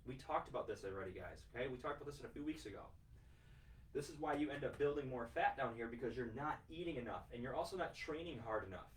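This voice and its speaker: A man's voice: medium pitch, expressive, quick pace. Fired-up fitness coach guy, repeats himself a lot, mic kinda far off, echoey room. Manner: emphatic, repetitive, motivational, casual swearing. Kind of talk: podcast lecture at a whiteboard. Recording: roomy sound from a mic set back.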